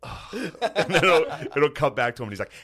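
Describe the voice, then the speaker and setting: A man's voice: on the high side, very animated, quick pace, a crowd in the background. A man co-hosting a podcast, teasing and cracking profane jokes in casual banter. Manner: joking, teasing interjections, profane. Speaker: podcast co-host.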